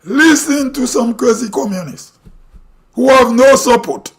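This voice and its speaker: A man's voice: very high-pitched, lively intonation, unhurried. A Grenadian man hosting a live stream, giving blunt, ranting commentary full of rhetorical questions. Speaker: livestream host. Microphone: streaming mic.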